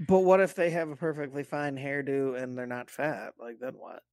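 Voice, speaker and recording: A man co-hosting a casual podcast, talking in an animated way, laughing often and cursing. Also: medium pitch, normal speed, no echo, clean studio sound. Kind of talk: casual banter.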